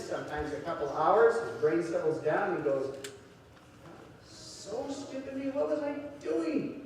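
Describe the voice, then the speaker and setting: A man's voice: fairly high pitch, a little hiss or hum. A man giving a talk to an audience, telling stories and acting out the people in them. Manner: storytelling with acted-out voices. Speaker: speaker. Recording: echoey hall, distant mic.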